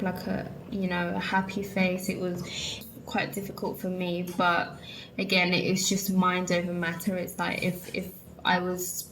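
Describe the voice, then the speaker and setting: A woman's voice: fairly low pitch, slight background noise, poor audio. Chatty young woman. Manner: chatty, says "like" and "literally" a lot; candid storytelling to viewers. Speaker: vlogger. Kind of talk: casual chat.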